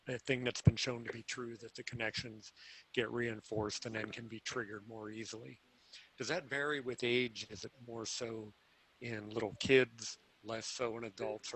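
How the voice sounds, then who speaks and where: A man's voice: mid-range voice, creaky, a bit bright, husky, rough recording. A man in an online class asking the teacher a thoughtful question over a video call. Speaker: class participant.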